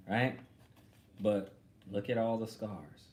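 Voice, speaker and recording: A man's voice: medium pitch, lively intonation, unhurried, noisy background. A man giving an informal Bible teaching to other men, talking conversationally, repeating himself and demonstrating with a prop. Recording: echoey room with faint ambience.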